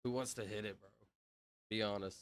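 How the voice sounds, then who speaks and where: A young man livestreaming, chatting loosely with his chat, reading out names and laughing loudly. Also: on the low side, steady tone, a little fast, music in the background. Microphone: headset mic.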